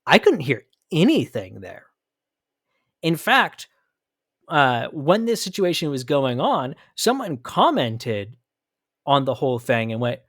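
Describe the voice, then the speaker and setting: Animated, emphatic American man podcasting. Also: medium pitch, slow, no echo, clean studio sound. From United States. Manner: emphatic, argumentative, thinks aloud with restarts. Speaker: podcast host. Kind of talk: opinion commentary podcast.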